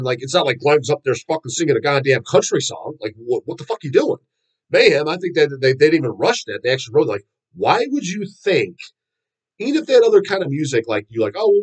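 Casual host type: a husky-voiced man who swears freely and rambles, with an animated, rising and falling delivery. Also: mid-range voice, low-quality recording. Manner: profane, rambling storyteller with frequent fillers. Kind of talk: casual rant about metal.

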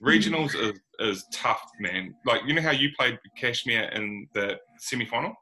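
A man's voice: mid-range voice, moderate pace, pushed and bright, rough recording. A New Zealand man hosting a casual basketball chat, rambling and laid-back with plenty of slang. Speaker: podcast host.

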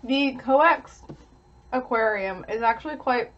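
A woman's voice: fairly high pitch, slow pace, lo-fi sound. A young woman, talking casually to camera while eating, chatty with little giggles. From Canada. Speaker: vlogger.

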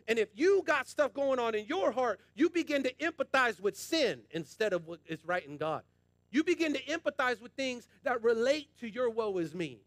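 Male pastor, high voice, passionate colloquial sermon, dry close sound. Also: a bit bright, dry recording. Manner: passionate, emphatic preaching with repetition; colloquial, addresses congregation as y'all.

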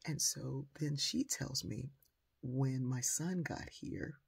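An older woman giving a motivational talk as a storyteller, animated and acting out the voices of the people in her story. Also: a bass voice, takes it slowly, vocal fry, husky. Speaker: motivational speaker.

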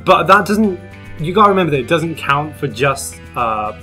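Young british guy, relaxed chat, bright voice, soft guitar in the back. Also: fairly high pitch, normal speed. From Britain. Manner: easygoing, laughs often, thinks aloud with fillers. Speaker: co-host. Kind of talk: casual chat.

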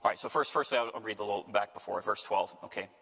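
A man's voice: lowish voice, quick pace, pushed and bright. A male priest giving a conversational Bible study lecture, checking in with his listeners as he goes. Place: parish lecture room. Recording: long hall reverb.

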